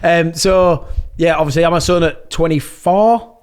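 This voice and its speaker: A man's voice: on the high side, moderate pace, darkish tone, smooth. Yorkshire man telling rave stories. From England. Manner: swears freely, laughs often, rambling storytelling. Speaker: podcast guest, musician. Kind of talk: casual chat.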